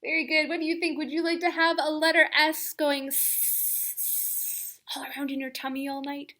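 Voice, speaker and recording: A woman hosting a children's storytime at a library, reading aloud in an animated way and coaxing young listeners with questions. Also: high voice, brisk.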